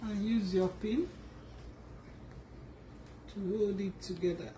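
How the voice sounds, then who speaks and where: Woman, sewing tutorial, slow and patient, echoey room, away from the mic. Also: mid-range voice, steady tone, mellow, far from the mic, a little hiss or hum. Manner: unhurried, restarts and fillers while working. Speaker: sewing instructor.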